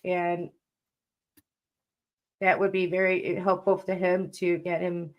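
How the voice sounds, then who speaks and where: A woman's voice: fairly low pitch, flat delivery, slow pace, lo-fi sound. A woman co-hosting a casual live stream, chatting and then making an earnest appeal to viewers.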